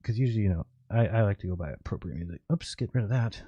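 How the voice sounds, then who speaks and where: A man's voice: on the low side, lively intonation, very fast, dark tone, slightly rough, dry recording, lo-fi sound. A man hosting a live stream, casually reading viewer questions aloud and answering them in a rambling, offhand way.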